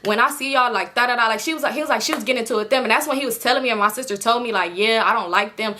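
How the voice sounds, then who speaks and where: Fast-talking animated young woman storyteller. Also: on the high side, slight background noise. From California, US. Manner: animated retelling, voices others with expletive-laden quoted outbursts. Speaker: storytime vlogger. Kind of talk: casual storytime vlog.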